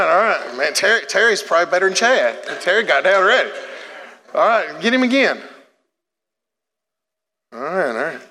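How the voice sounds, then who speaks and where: A man's voice: high-pitched, bright, forceful tone, long reverb tail. A man preaching a sermon to his congregation, joking and coaching people through a demonstration in a church sanctuary. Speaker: pastor.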